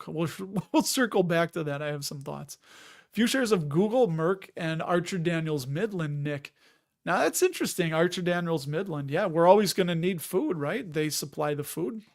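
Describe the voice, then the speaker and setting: A man hosting a live chat stream, talking in a loose, wandering way and sounding a bit worn out. His voice sits a little high for a man. He reads out viewer comments as he goes. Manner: rambling, chatty, reads viewer comments aloud. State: tired.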